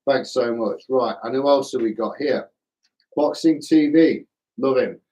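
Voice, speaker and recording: A middle-aged man with a slightly hoarse voice, hosting a live stream in a casual, self-deprecating way and chatting with viewers like old mates. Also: mid-range voice, measured pace, warm tone, poor audio. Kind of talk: casual live chat reading viewer comments.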